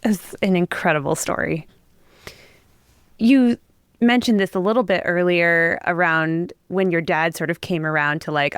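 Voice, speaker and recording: A woman's voice: on the low side, unhurried, clean tone, no room sound, clean studio sound. A woman hosting an interview, asking her guest questions and prompting his stories. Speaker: podcast host.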